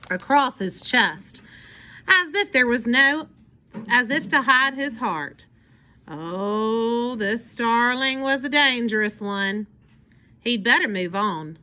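A woman narrates a children's book in an expressive, storytelling way. Her voice is bright and sits a little high. Her pitch moves a lot from line to line. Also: a little hiss or hum. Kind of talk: reading a children's book aloud.

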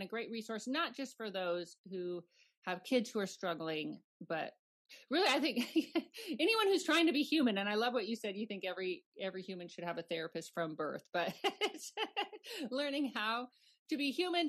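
A woman's voice: lowish voice, a bit bright. A woman hosting a podcast interview, affirming her guest and reading a summary of the book. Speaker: podcast host.

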